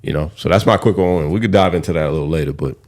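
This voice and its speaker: Low-voiced young man, podcast host, candid rambling chat, salty language. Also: very fast, darkish tone. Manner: candid, rambling, swears freely. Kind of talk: casual podcast monologue.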